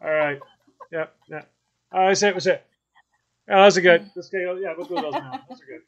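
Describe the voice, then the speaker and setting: A man's voice: sits high, lively intonation, moderate pace, muffled recording, a crowd in the background, voice pushed up. A man doing a fussy, bossy old grandpa. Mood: bossy cheerful. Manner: bossy, chatty, repeating himself. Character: fussy cheerful older grandfather ordering food.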